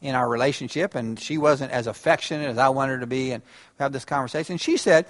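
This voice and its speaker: A man giving a lively, conversational talk to a large audience, often restarting his phrases. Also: fairly high pitch, fast talker. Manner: animated, conversational, frequent restarts. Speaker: speaker on relationships. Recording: long hall reverb.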